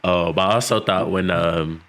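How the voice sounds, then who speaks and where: A man's voice: low voice, steady tone, unhurried, fairly bright tone. A man co-hosting a casual podcast, chatting about an episode, laughing often and acting out characters' lines. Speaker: podcast co-host. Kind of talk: casual show recap chat.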